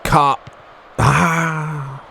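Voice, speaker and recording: A man's voice: a little high, drawn-out words, gravelly, slight background noise. Chatty man commentating a game. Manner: chatty, excitable reactions to play. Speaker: gaming YouTuber. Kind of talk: let's play commentary.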